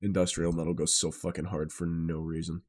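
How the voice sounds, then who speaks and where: A man streaming live, chatting casually with viewers and jumping between tangents, often excitable and swearing freely. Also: low voice, brisk.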